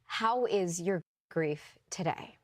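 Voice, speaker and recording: A woman's voice: fairly low pitch, expressive, slow, dry recording, studio quality. A woman presenting the news who becomes choked up and apologizes on air. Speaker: TV news anchor.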